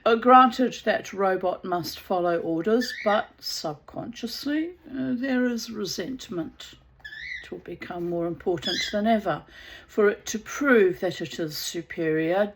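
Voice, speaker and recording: A woman's voice: medium pitch, measured pace, a little hiss or hum, close to an everyday voice, rough recording. A woman reading the part of a stern, short-tempered woman scientist, her lines curt and snapping. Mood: grim. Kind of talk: audiobook character reading.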